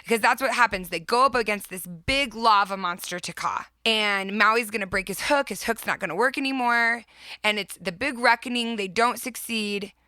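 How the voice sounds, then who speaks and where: A woman's voice: fairly high pitch, moderate pace, pushed and bright, no echo. A woman hosting a podcast, retelling a story with heartfelt enthusiasm in a casual, reflective way. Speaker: podcast host.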